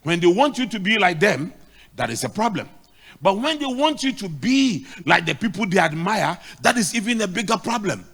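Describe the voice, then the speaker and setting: A man's voice: high voice, a bit bright, breathy edge. A middle-aged man with a Ghanaian English accent preaching a sermon, emphatic and repeating key lines. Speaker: pastor.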